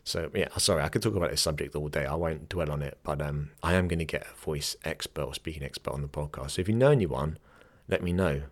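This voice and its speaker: A man's voice: rumbling low, fast. A young man hosting a podcast and teaching yoga, talking casually, often restarting his sentences and laughing easily. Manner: chatty, self-correcting, laughs easily.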